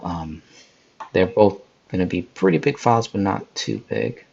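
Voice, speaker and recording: A man's voice: low-pitched, wildly swooping pitch, a little slow, vocal fry, darkish tone, breathy edge, muffled recording. A man hosting a live editing tutorial, casually talking viewers through each step and speaking to people in the live chat. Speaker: podcast host.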